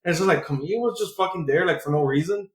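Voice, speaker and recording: A man's voice: sits high, quick pace. A man co-hosting a podcast, recapping a comic in a rambling, filler-heavy way and swearing freely. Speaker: podcast co-host. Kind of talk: casual comic book recap. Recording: roomy echoey room.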